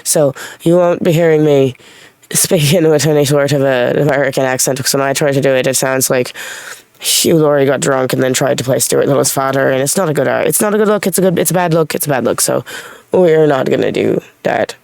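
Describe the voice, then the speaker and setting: Brief: rambling, blunt vlogger, light Irish-tinged accent, gravelly, dry close sound. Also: medium pitch, a little fast, a little mellow, no room sound. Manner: rambling, self-correcting, blunt with a bit of swearing. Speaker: vlogger speaking as an alter named Reese. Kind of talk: casual unscripted talk to camera.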